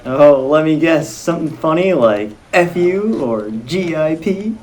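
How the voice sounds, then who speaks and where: A man playing an eager studio executive in a comedy sketch, excitable and quick to jump to conclusions. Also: on the high side. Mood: excited. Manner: excitable, gushing, jumps to conclusions.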